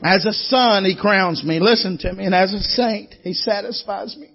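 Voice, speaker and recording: A man's voice: high-pitched, moderate pace, gravelly, muffled recording, soft background music. A man, preaching a sermon in a folksy storytelling way and calling out to the congregation. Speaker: guest preacher. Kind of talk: Southern revival sermon.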